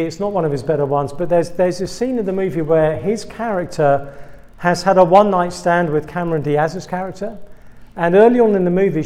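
A man's voice: sits high, darkish tone. A man from England with an English accent, a guest preacher giving a humorous sermon to students, full of self-deprecating, wry asides.

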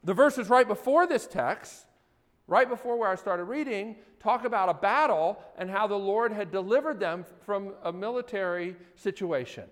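A man's voice: sits high, moderate pace. A man preaching a sermon as pastor, talking conversationally and putting many questions to his audience. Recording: hall reverb.

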